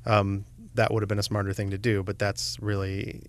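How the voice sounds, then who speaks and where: A man's voice: fairly low pitch, monotone, normal speed, clear, resonant tone. A man co-hosting a podcast, chatting casually with wry, opinionated remarks. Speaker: podcast co-host. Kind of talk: casual chat.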